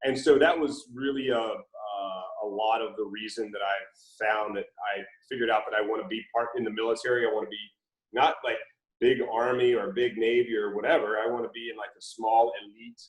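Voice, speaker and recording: A middle-aged man from Mississippi with a faint Southern accent, a former Navy SEAL telling stories in a relaxed way with many fillers during an interview. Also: fairly low pitch, fairly quick, roomy sound, rough recording. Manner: relaxed storytelling with frequent fillers. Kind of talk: casual interview conversation.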